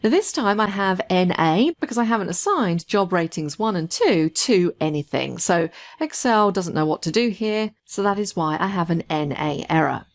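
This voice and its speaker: A woman instructor narrating a screen-recorded software tutorial, explaining each step patiently. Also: on the low side, expressive, moderate pace.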